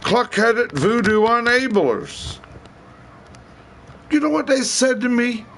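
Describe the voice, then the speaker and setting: A man's voice: very high-pitched, expressive, slow pace, fairly bright tone. A man livestreaming a rambling, profane rant in heavy slang.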